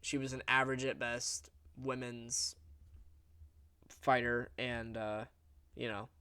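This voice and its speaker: A man's voice: medium pitch, little pitch movement, takes it slowly, pushed and bright, smooth, no room sound. Young male recap host, casual and blunt, mid-range voice, dry close sound. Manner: rambling, blunt, with crude jokes. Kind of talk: casual commentary.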